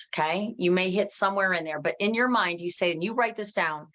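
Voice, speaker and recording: A woman giving an emphatic motivational training talk to her team, talking quickly and restarting often. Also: on the low side. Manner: energetic, emphatic, reads out viewers' comments.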